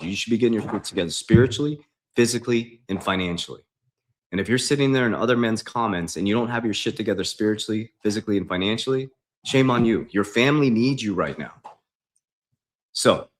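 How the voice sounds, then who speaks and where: A man as a financial coach on a livestream, emphatic and preachy, repeating his points. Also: fairly low pitch. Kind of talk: livestream talk.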